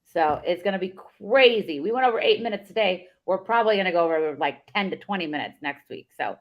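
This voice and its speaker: A woman's voice: on the low side, expressive, fast, lo-fi sound. A woman co-hosting a casual sports podcast, wrapping up the episode in an upbeat, promotional way. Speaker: podcast co-host.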